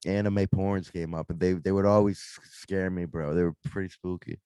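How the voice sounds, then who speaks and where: A young man with a low, warm voice. He talks bluntly in casual radio banter, swearing freely. The sound is dry, close and without room echo. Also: fairly even intonation, normal speed, clean tone. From Massachusetts, near Boston. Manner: blunt, swears freely, says "bro" and "dude". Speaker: podcast co-host. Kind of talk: casual profane chat.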